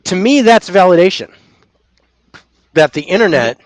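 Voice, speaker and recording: A podcast co-host with a high voice that swoops up and down as he tells a story. He acts out his own shocked outbursts. The sound is close and dry, with no room behind him. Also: sing-song, moderate pace, dry recording. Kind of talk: casual paranormal podcast chat.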